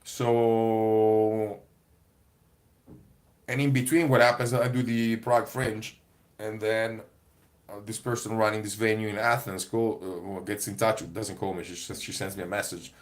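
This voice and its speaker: A comedy performer chatting casually to camera in a rambling, digressive way, often breaking into laughter. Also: male voice, fairly low pitch, little pitch movement, a little slow. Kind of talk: casual vlog monologue.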